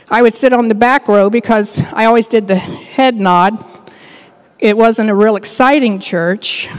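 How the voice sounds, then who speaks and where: A woman's voice: fairly high pitch, big-room sound. An older woman preaching as a guest speaker, telling stories with humor and asides. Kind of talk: sermon. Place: church sanctuary.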